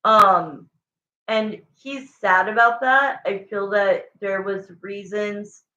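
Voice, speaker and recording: Slow-talking woman reading tarot, roomy sound. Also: mid-range voice, steady tone, pushed and bright, highs cut off. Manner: thinks aloud while pulling cards, repeats questions to the cards. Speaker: tarot reader.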